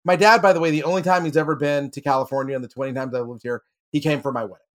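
A man's voice: on the high side, fairly even intonation, very fast. A man on a podcast panel, telling a personal story in casual chat, with many fillers and laughs.

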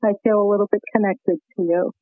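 A woman's voice: medium pitch, steady tone, quick pace, no room sound. A woman with a thick Boston accent calls in to a radio show over a thin, phone-like line. She talks eagerly and earnestly. The sound is dry, with no room around her voice. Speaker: caller. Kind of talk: call-in radio chat.

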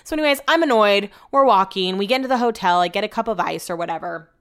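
A young woman recounting a day out in a loose, chatty way. Her voice sits at an ordinary middle pitch, full of slang and casual swearing. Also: fast, smooth. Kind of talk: casual storytelling.

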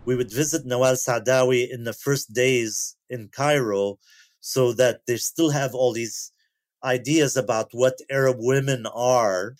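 A man's voice: mid-range voice, fairly even intonation, unhurried, dry recording. Chuckling man telling old stories. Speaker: interview guest. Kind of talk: casual storytelling.

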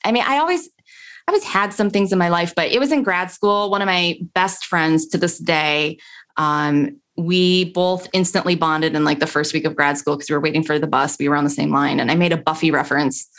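Chatty woman with a lowish voice. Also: brisk. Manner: chatty, animated, laughs often and acts out friends' voices. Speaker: podcast guest, tarot reader and tech coach. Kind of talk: casual storytelling interview.

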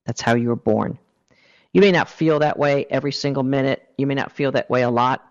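A man's voice: mid-range voice, brisk. A man giving a motivational self-help talk, coaching the listener earnestly through a guided exercise. The recording sounds dull and lo-fi.

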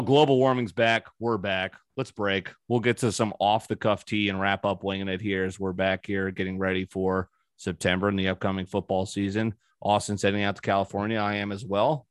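Low-voiced podcast host, dry and close. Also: male voice, no echo. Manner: rambling, profane storytelling. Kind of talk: casual chat.

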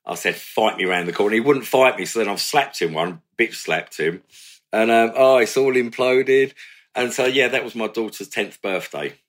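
A man's voice: mid-range voice, moderate pace. A man, a former career criminal, telling blunt stories with swearing in a candid chat. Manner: blunt, swearing, animated retelling with laughs.

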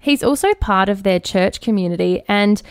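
A woman's voice: mid-range voice, animated, moderate pace, clean tone, dry recording, studio quality. A woman co-hosting a podcast, chiming in with casual side comments. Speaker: podcast co-host. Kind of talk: casual chat.

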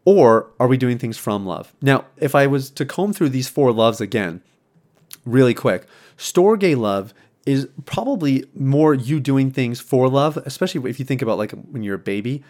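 An earnest man hosts a podcast, thinking aloud in a relaxed, reflective way. His voice sits at an ordinary middle pitch, and he often trips over and restarts his phrases, with plenty of ums along the way. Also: moderate pace. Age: adult, married. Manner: earnest, conversational, many restarts and fillers. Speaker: podcast host. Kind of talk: reflective casual monologue.

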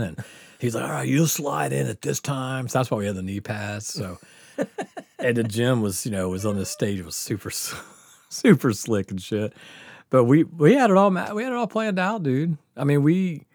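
A man's voice: mid-range voice, moderate pace, a little mellow, dry recording. A middle-aged man hosting a podcast, telling a rambling, profane story in a casual way and laughing as he goes. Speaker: podcast host.

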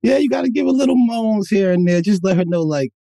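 A man co-hosting a podcast, talking crudely and loudly, swearing and laughing as he jokes. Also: high-pitched, expressive, quick pace, vocal fry, dry recording. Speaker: podcast co-host. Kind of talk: crude casual chat.

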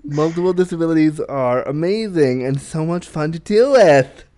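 A man's voice: a little high, expressive, normal speed, warm tone. A Canadian man hosting a podcast, chatting in an upbeat, rambling way with plenty of fillers. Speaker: podcast host. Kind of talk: casual podcast chat.

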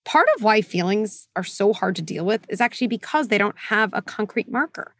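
Woman psychologist host chatting advice, lively, slips into little acted-out voices, dry close mic. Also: mid-range voice, brisk, dry recording. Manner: animated, acts out quoted inner voices, frequent laughs. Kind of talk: casual advice conversation.

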